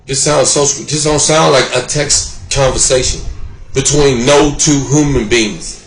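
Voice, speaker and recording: A man's voice: medium pitch, steady tone, a little slow. Man, heated casual commentary, slangy and repetitive, echoey room. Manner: slangy, fired-up and repetitive, addressing viewers directly. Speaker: political commentary vlogger.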